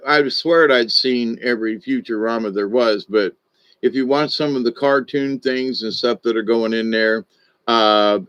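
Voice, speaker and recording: An older man and former stage director telling rambling, animated stories in a casual monologue, often trailing off and restarting. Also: mid-range voice, dry recording. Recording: dull, dry lo-fi audio.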